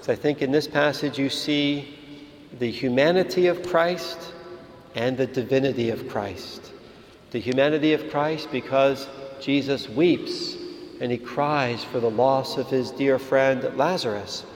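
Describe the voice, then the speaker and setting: A man's voice: mid-range voice, slight background noise. Man preaching in a reverberant hall. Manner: calm, measured preaching. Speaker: priest. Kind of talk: sermon. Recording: reverberant hall with faint ambience.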